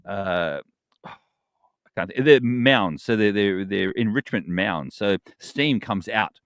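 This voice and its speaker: A man's voice: on the low side, takes it slowly, no room sound, clean studio sound. A man, co-hosting a casual podcast and joking around with his partner. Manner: chatty, teasing, animated storytelling. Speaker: podcast co-host.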